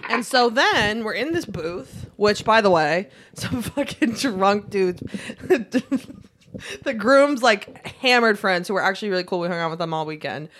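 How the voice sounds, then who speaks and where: A woman's voice: medium pitch, measured pace, background noise. Young woman telling a story, swearing and laughing. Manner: animated, swears a lot, laughs often. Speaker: podcast co-host. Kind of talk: casual storytelling chat.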